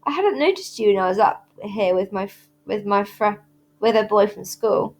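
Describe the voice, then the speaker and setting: A woman's voice: medium pitch, moderate pace, darkish tone, close to an everyday voice. A woman reading aloud, voicing an earnest, bookish young girl who speaks a little awkwardly. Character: thoughtful, earnest girl who loves books.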